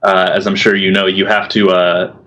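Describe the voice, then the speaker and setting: A man's voice: low-pitched, normal speed, poor audio. A young man, a metal singer, chatting casually as a guest and explaining technique with lots of fillers and restarts. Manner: relaxed, many fillers and restarts, laughs easily. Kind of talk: casual chat.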